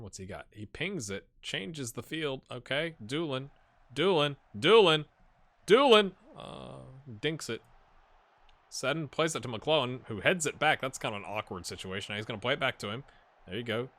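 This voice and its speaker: A gaming channel host plays a football management game in casual let's-play commentary, joking in slang and talking to the players in the game. His mid-range voice moves fairly quickly, erupting in loud outbursts when goals come and trailing off into mumbles.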